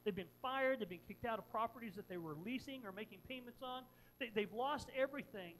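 Speaking a little fast in a mid-range voice, a pastor dramatically retells a story in his sermon, repeating phrases and moving between forceful emphasis and gentle, earnest questions. The low-quality recording carries a slight hiss or hum.

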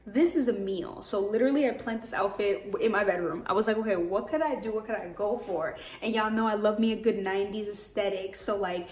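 A young woman vlogging in casual chat, excitable and slangy, often laughing. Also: mid-range voice, fairly quick, hardly any pauses. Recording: roomy indoor echo.

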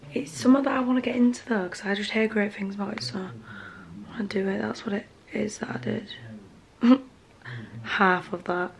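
A woman, chatting casually to camera at home, rambling and often speaking quietly. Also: medium pitch, slight background noise. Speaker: lifestyle vlogger. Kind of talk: casual vlog chat to camera. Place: at home in a bedroom at night.

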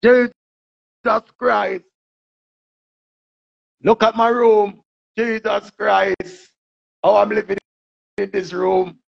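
A Jamaican man with a high, gravelly voice hypes things up in a casual, animated monologue, slipping between patois and English. The sound is dull and lo-fi. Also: slow pace, pauses often. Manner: animated, mixes patois with English, bursts into singing. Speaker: vlogger.

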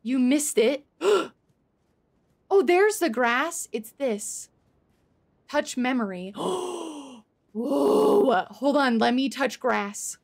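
A woman streamer giving live gameplay commentary, excitable, swearing and laughing as she talks to her chat. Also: high-pitched, drawn-out words, creaky.

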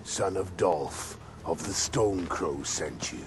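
A man's voice: deep voice, noisy background. An actor playing a fierce, menacing male hill-tribe chieftain. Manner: menacing, slow.

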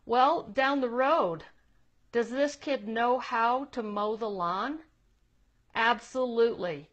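Woman presenter with a high-ish voice and a chatty teaching manner, lo-fi sound. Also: slow pace. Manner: chatty, checks in with viewers. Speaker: live-stream presenter. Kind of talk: casual teaching live stream.

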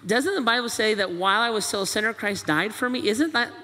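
A man with a high, ringing, forceful voice preaches to his congregation. He presses one rhetorical question after another and slips into quoted voices. The sound carries a long hall reverb, as if heard in a church auditorium. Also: quick pace. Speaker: pastor. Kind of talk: sermon.

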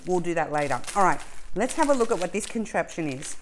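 A middle-aged woman hosts a casual crafting unboxing at home, speaking to her viewers in a gushing, openly emotional way and muttering asides to herself. Her voice sits a little on the low side. A faint noise hangs behind her. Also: very animated, a little fast. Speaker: crafting channel host.

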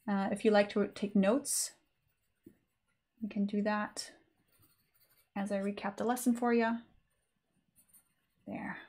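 A woman's voice: mid-range voice, a little mellow. A woman teaching a live online sketching lesson in a chatty, informal way with many fillers. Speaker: art teacher.

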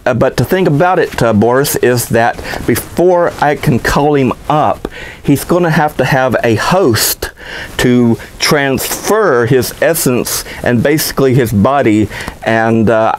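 A man's voice: medium pitch, rough recording. A man hosting a horror movie show, with rambling, playful patter full of hesitant fillers. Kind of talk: campy host patter.

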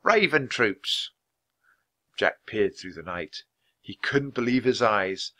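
A man reading a children's chapter book aloud in a clear, measured, expressive way. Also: fairly low pitch. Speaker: storybook reader.

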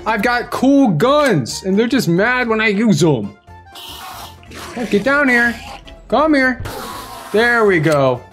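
A young man with a high, bright-sounding voice narrates his Minecraft gameplay for a gaming channel. He is excitable and playful, taunting enemies in a kid-friendly way. Faint music plays behind him. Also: takes it slowly, pauses often.

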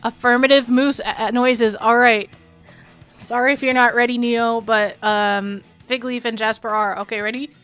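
A woman's voice: on the high side, fairly even intonation, fairly bright tone, smooth, soft background music. A woman streamer chatting casually and rambling, laughing easily and talking straight to her viewers. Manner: chatty, rambling, quick laughs, addresses chat. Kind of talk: casual live-stream chat.

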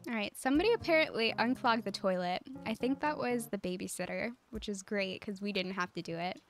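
A woman streaming a life-sim game, chatting casually with viewers in a calm, cozy way, giggling often and using lots of fillers. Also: mid-range voice, a little fast. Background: faint game music.

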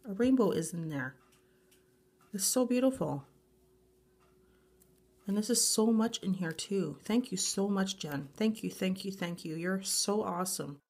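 Unboxing a grab bag of nail supplies for her vlog, a woman gushes with breathless exclamations and repeats herself in excited, casual chat. Her voice is medium in pitch and a little mellow.

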